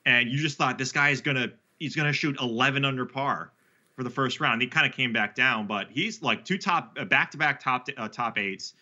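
A man's voice: medium pitch, brisk, pushed and bright, lo-fi sound. A man talking through betting picks in a casual podcast chat, rambling and correcting himself with fillers. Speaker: sports betting analyst guest.

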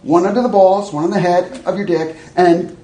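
A man's voice: sits high, steady tone, normal speed, dark tone, slight background noise. A man teaching a live workshop, blunt and joking in a conversational way to an audience. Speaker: educator. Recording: echoey room.

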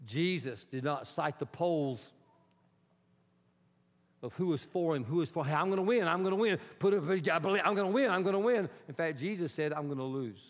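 Animated preacher man in a reverberant hall. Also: fairly high pitch, brisk. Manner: animated preacher, swings loud and hushed, acts out quotes. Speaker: pastor. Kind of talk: sermon. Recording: dull sound in a reverberant hall.

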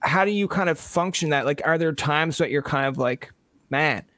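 A man's voice: a little high, moderate pace, bright, forceful tone. A man interviewing a guest, asking long, rambling questions full of "like" and "kind of". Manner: rambling questions, heavy use of "like". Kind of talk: casual interview chat.

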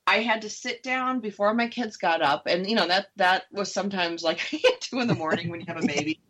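A woman's voice: mid-range voice, brisk, a bit bright. Candid, chatty middle-aged woman. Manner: candid, chatty, acts out her old thoughts. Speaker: co-host sharing her divorce recovery. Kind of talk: casual radio talk.

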